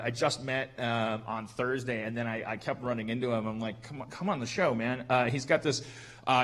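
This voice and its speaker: Man in his forties, podcast host, rambling comedic riffs, bright forceful voice. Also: mid-range voice. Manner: rambling, halting riffs full of restarts. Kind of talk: casual comedic chat.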